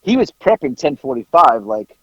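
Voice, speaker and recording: A man on a podcast telling a casual story, animated, acting out bits of dialogue and swearing casually. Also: mid-range voice, moderate pace, breathy edge, dry recording, lo-fi sound. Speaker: podcast co-host.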